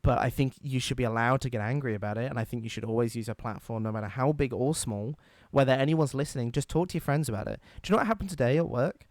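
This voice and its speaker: A young man co-hosting a casual podcast, telling stories in an animated, indignant way. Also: mid-range voice, fast talker, few pauses, dry recording. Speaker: podcast co-host.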